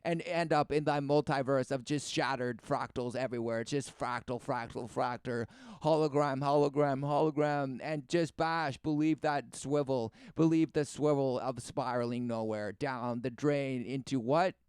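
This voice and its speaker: A man preaching over a clip in a rambling, sarcastic way, circling back to the same words again and again. His voice is smooth and resonant, recorded dry and close with no room around it. He keeps throwing out rhetorical questions and answering them himself. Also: mid-range voice, steady tone, normal speed, few pauses, a little mellow, dry recording. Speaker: commentator reacting to a video. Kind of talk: rambling religious commentary.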